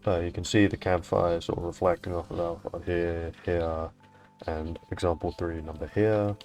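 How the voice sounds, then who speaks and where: A man's voice: sits low, level tone, normal speed, a little mellow, soft background music. A young man hosting a fan art showcase in casual, rambling commentary, swearing now and then. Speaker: showcase host.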